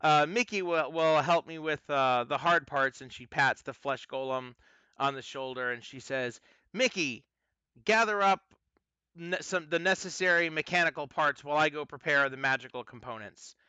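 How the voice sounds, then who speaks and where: A man's voice: medium pitch, pushed and bright, clear, resonant tone, no echo. A man narrating as game master, hesitant with many fillers and restarts. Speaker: dungeon master.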